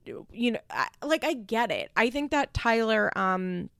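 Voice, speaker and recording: A woman in a casual opinion chat, speaking with a noticeable vocal fry. She talks frankly, full of "like" and restarts. The recording is close and dry. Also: fairly high pitch, big pitch swings, unhurried, fairly bright tone, no echo. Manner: chatty, lots of "like" and restarts, frank swearing. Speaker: reality TV commentator.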